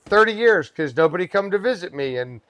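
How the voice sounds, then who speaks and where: A man's voice: sits high, expressive, brisk, fairly bright tone, no echo, lo-fi sound. A man telling a funny customer story in a casual podcast chat, acting out the quoted voices and laughing often. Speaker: guest, pest control worker.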